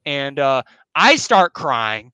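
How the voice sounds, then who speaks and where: A man's voice: mid-range voice, sing-song, slow, sharp tone, clean tone, no room sound, rough recording. A young man casually telling a spooky personal story, rambling and slangy, cursing and acting out other people's lines. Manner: rambling, slangy, profane, acts out voices. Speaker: podcast host.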